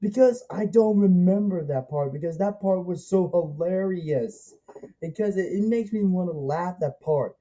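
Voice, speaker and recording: A man's voice: high-pitched, mellow, low-quality recording. A man giving a casual, rambling movie review, eager and repetitive, restarting his sentences often.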